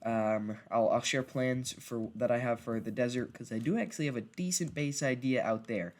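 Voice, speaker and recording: A man giving casual gameplay narration as a video creator, rambling and halting and often restarting his sentences. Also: mid-range voice.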